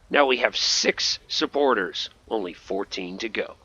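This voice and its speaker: A man's voice: fairly low pitch, animated, a little slow, bright, forceful tone, husky, dull audio. A man doing jokey playthrough commentary, talking back to game characters. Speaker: gaming host.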